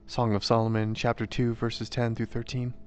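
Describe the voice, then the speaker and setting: Man reading a story in an even, level voice. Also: mid-range voice. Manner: measured, even storytelling delivery. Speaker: chaplain. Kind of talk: reading a devotional story aloud. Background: soft background music.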